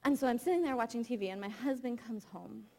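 Woman in her 30s preaching, kinda high voice, super candid and confessional. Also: fast talker, vocal fry, a little mellow. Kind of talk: sermon told as a personal story.

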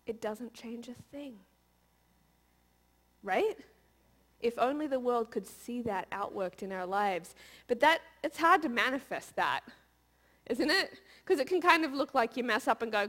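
A woman's voice: fairly high pitch, expressive, measured pace, pauses often, fairly bright tone. A woman in her thirties giving a conversational, playful sermon and often asking the audience questions. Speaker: preacher.

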